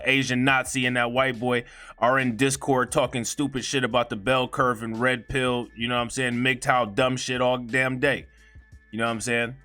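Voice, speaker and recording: A man's voice: mid-range voice, pushed and bright. A man giving a heated, profane commentary in a blunt, indignant way. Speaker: video commentator.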